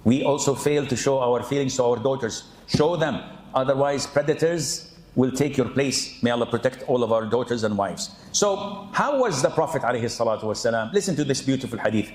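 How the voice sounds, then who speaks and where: A man preaching a humorous sermon-style reminder, acting out quoted voices with sudden high jumps in pitch. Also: brisk, darkish tone, echoey room, low-quality recording. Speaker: Islamic preacher.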